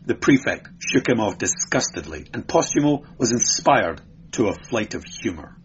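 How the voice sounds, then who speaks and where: A man narrating an adventure audiobook in a measured, dramatic storytelling manner. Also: on the low side, big pitch swings, dull audio, a little hiss or hum. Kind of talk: audiobook reading.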